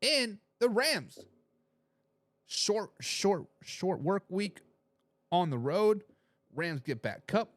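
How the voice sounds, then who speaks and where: A man hosting a casual live sports talk show, reading viewer comments aloud with a joking, animated manner and frequent laughs. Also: high voice, extremely slow, long pauses, no room sound.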